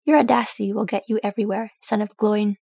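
A woman's voice: medium pitch, steady tone, fast talker, gravelly, warm tone, slightly rough, no echo. A woman reading the part of a proud, skeptical dwarf king with dry, muttered remarks. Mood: wry.

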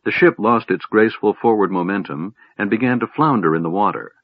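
Male audiobook narrator, low and husky, dry dull lo-fi recording. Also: animated, brisk, no room sound. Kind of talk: scripted fantasy narration.

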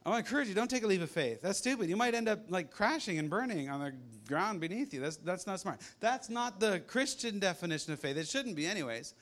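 Conversational higher-voiced male pastor. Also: animated, quick pace, hardly any pauses, a bit bright. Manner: conversational, rambling with asides. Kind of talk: sermon.

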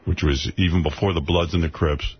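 A man's voice: low-pitched, steady tone, fairly quick, breathy edge. A man from the New York area hosting a radio show, telling crude jokey stories in brash uncensored banter. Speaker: radio host. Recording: dull lo-fi radio broadcast.

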